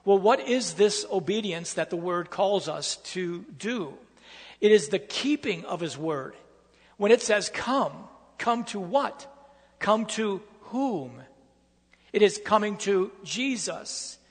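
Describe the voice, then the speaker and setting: A man's voice: high-pitched, expressive, takes it slowly, slightly rough, in a large hall. A man preaching a sermon, reading scripture aloud with emphatic, repetitive phrasing.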